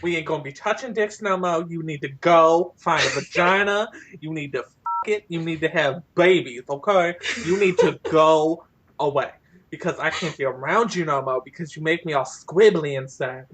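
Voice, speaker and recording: A woman's voice: deep voice, normal speed. A woman voicing a brash, bossy male priest who lays down blunt, slangy rules.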